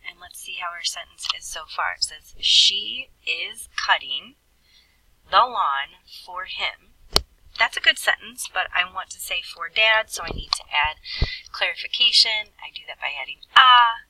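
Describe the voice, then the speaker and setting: A woman's voice: on the low side, lively intonation, measured pace, sharp tone, breathy edge, distant mic, rough recording. A woman Spanish teacher explaining grammar patiently, step by step, in a recorded lesson. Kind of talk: recorded classroom lesson with screen writing.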